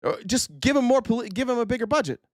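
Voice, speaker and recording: A man's voice: very high voice, expressive, quick pace, no echo, clean studio sound. A male host giving a heated political commentary rant, firing profane rhetorical questions at his audience.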